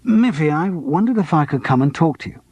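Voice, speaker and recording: A man's voice: a little high, animated, brisk, darkish tone, husky, no room sound, lo-fi sound, pitched above the performer's own voice. A man playing a polite, hesitant actor. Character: wry, struggling middle-aged male actor. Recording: dry close studio.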